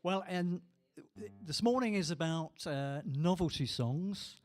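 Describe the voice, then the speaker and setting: High-voiced man bantering on stage. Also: unhurried. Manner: dry, self-mocking, chatty. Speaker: musician and entertainer. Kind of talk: stage banter between songs. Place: small theatre stage. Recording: live hall with long reverb.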